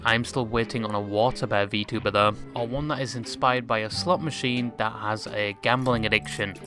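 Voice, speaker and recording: A man's voice: lowish voice, fairly even intonation, normal speed, over music. A man reading a scripted video essay in a dry, sarcastic way. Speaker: video narrator.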